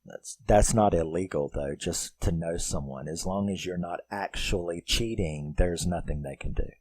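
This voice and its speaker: A man's voice: deep voice, moderate pace, a little mellow, no echo. A man giving a casual spoken film recap, rambling and profane, full of filler words. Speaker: film reviewer.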